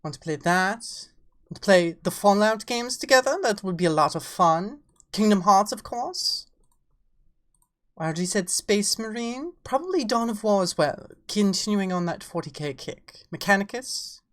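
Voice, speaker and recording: A woman's voice: medium pitch, lively intonation, normal speed. A woman with an English accent chatting casually on a livestream, playful, greeting viewers as darling. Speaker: streamer.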